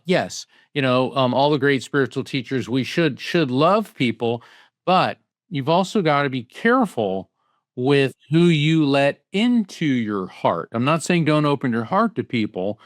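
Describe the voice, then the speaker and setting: A man speaking as a guest in an interview, answering emphatically with rhetorical questions and lively anecdotes. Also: mid-range voice, no echo, studio quality. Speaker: psychic medium and guest.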